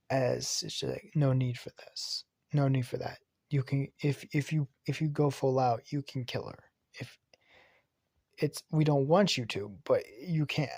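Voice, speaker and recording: A man casually retelling an anime fan story, rambling and excitable, swearing and restarting often. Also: mid-range voice, vocal fry, dry recording, studio quality.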